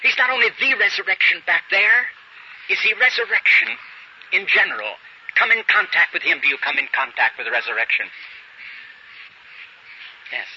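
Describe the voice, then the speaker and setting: A man's voice: fairly high pitch, very animated, moderate pace, long pauses, pushed and bright. A man preaching a sermon, telling a story and acting out the characters' dialogue, on a dull lo-fi recording with faint hiss.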